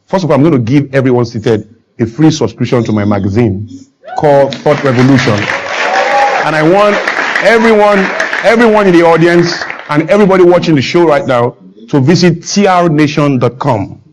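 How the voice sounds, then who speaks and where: Guy talking on a tv studio show, high voice, preachy and worked up, gets loud to hammer his point. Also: lively intonation, normal speed, some chatter behind, a little hiss or hum, poor audio. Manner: preachy, builds to emphatic shouts. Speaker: guest speaker. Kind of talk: impassioned talk-show monologue. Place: TV studio with live audience.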